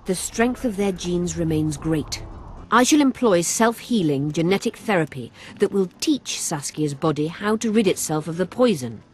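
An actor playing a learned male healer mage who talks in a formal, measured, explanatory way in a fantasy video game. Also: high voice, a little mellow, slightly rough.

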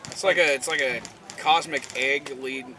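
A man's voice: mid-range voice, fairly even intonation, moderate pace, background noise. A man in casual chat with friends outdoors, opinionated and grumbling about flavors he dislikes. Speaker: airsoft team member. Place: outdoors at an event.

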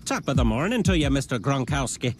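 A man's voice: medium pitch, sing-song, brisk, soft background music, natural voice. A man playing a cartoon fake leprechaun in stage-Irish. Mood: sly pitching. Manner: put-on stage Irish lilt.

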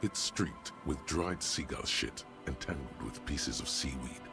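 A brooding, mocking narrator of a detective video game. His voice sits extremely low and he delivers every line with dark, sardonic menace. Game music plays clearly behind him. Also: lively intonation, measured pace, full character voice. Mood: ominous.

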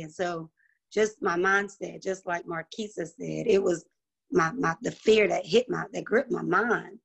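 A woman's voice: lowish voice, measured pace, vocal fry. A middle-aged woman, a restaurant owner, speaking on a business panel over a video call and telling her story with emotion and faith.

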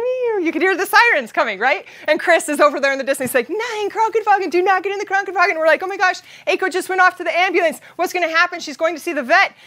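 A woman in her thirties from Utah giving an animated storytelling keynote, acting out voices and sound effects. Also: high-pitched. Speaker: keynote speaker.

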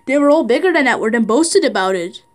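A woman's voice: on the high side, expressive, quick pace. A woman narrating a train story for a fan redub, reading plainly with small slips.

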